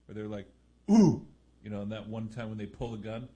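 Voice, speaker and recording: A man co-hosting talk radio, chiming in with quiet, offhand remarks. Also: fairly low pitch, little pitch movement, fast. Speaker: radio co-host. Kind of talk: casual talk radio banter.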